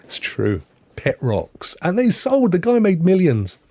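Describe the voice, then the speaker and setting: A man's voice: high voice, huge pitch swings, measured pace, mellow, dry recording, clean studio sound. A man in his fifties from Devon with a West Country English accent, co-hosting a gaming podcast with teasing, jokey banter. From Devon, England. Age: 50s. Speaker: podcast co-host. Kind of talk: casual banter.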